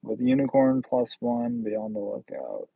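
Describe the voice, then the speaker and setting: Male stream host, sardonic and chatty, flat dry lo-fi sound. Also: medium pitch, moderate pace, vocal fry, breathy edge, dry recording. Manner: blunt, sardonic, rambling. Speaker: livestream host. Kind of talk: casual livestream chat reading comments.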